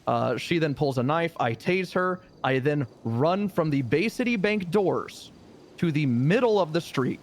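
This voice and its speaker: Man in role-play as a cop, pitched a bit high, lively storyteller with a foul mouth. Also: a little slow, a little hiss or hum. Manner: animated storyteller, swears freely. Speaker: police officer in role-play. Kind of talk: in-character role-play chat.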